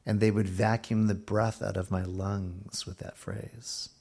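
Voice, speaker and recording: A middle-aged man preaching a sermon, slowing down for emphasis and dropping to a near hush at times. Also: fairly low pitch, creaky, slightly rough. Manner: expressive preaching, slows for emphasis and drops to a hush. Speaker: pastor.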